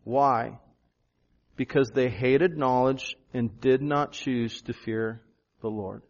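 A male pastor preaching a sermon, animated, jumping up in pitch for emphasis. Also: slow pace, muffled recording.

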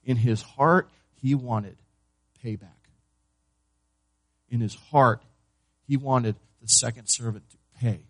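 A pastor preaching a sermon to his church, moving between loud emphasis and hushed, low delivery, and asking the congregation questions he then answers. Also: fairly even intonation, slow, long pauses, dry recording. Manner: asks the congregation questions and answers them himself.

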